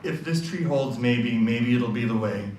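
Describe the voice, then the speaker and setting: A man voicing a gruff old goat-man wanderer with a folksy, drawling put-on Irish Boston accent, recorded from far off in an echoey hall. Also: mid-range voice, unhurried, a little mellow, a little hiss or hum, natural voice.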